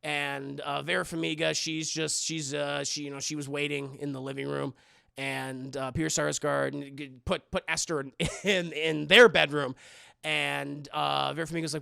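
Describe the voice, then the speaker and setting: A man's voice: fairly high pitch, little pitch movement, normal speed, gravelly, bright, forceful tone, clear, resonant tone, dry recording. A man recapping a movie plot casually, rambling, stammering and swearing as he goes, on a close dry mic. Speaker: movie reviewer streamer.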